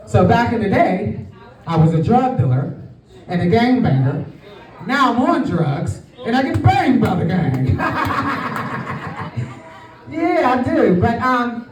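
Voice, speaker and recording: A woman with a fairly high, sing-song voice speaks slowly while faint music plays behind her. She's doing a brash live stand-up set in a club, calling out to the audience and working the crowd. The sound is roomy and distant from the mic, with a faint audience audible in the background.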